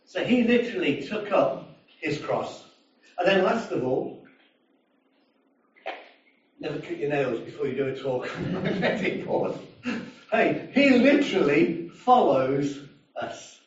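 A man's voice: on the high side, measured pace, pauses often. A man preaching a sermon in a church, telling a story and acting out the people in it. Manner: storytelling, animated, acting out a drunk's voice. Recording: echoey church hall from a distance, dull sound.

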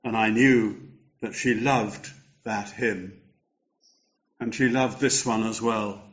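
An older man preaching a sermon, slow and measured, lifting his voice for emphasis. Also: fairly low pitch, fairly even intonation, muffled recording.

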